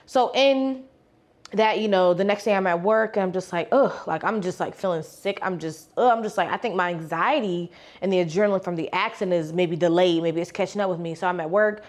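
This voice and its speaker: A young woman vlogger telling her faith testimony in a casual, animated way, acting out the dialogue and using slang. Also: lowish voice, brisk. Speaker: faith vlogger and life coach. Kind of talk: personal testimony storytelling.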